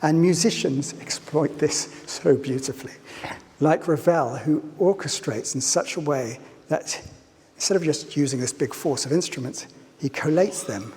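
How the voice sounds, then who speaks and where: A man's voice: a little high, normal speed, a little mellow. Man lecturing playfully in a reverberant hall. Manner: playful, engages audience with questions. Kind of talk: public lecture.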